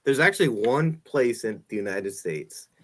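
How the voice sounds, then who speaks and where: A man interviewing a guest in a relaxed conversation, joking and laughing often. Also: medium pitch, normal speed. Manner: laughs often, loose and chatty. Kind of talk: casual chat.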